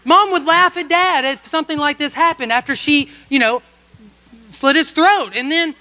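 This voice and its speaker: A pastor delivers a sermon at a church service in a very high-pitched, bright, forceful voice at a moderate pace. He tells a humorous, self-mocking story about himself, frequently checking in with the congregation with "okay?"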